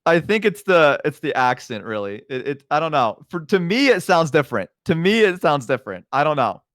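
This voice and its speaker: A man's voice: fairly high pitch, very animated, brisk, a bit bright, no room sound, clean studio sound. A young man with a Southern US accent, a streamer hosting a casual livestream chat and telling stories in a rambling, hesitant way full of fillers. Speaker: streamer host.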